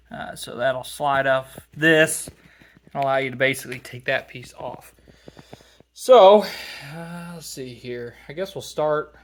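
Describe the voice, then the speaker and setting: A man talking casually while working on a car seat in his garage, thinking aloud with plenty of fillers. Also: medium pitch. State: slightly out of breath at times. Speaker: DIY car restorer. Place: home garage.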